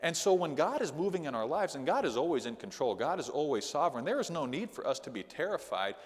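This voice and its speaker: In a large church hall, a man teaches a Sunday school lesson in a conversational sermon style. His voice is on the high side and fast, and he stays animated, frequently checking in with "okay?"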